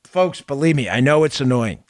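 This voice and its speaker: A man's voice: mid-range voice, animated, a little fast, dry recording, clean studio sound. A man hosting a podcast, giving emphatic, sarcastic political commentary and repeating phrases for effect. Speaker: podcast host.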